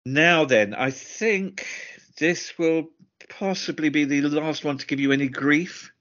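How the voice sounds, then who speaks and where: A man's voice: fairly high pitch, a little slow, fairly bright tone, dull audio. A British man co-hosting a podcast and running a quiz, jovial and teasing. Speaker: podcast co-host, quizmaster. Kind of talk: casual chat.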